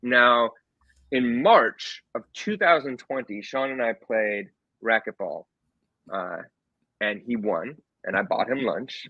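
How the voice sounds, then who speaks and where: A man telling a funny anecdote in a casual chat, animated, with quick restarts as a guest author. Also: mid-range voice, no room sound, dull audio.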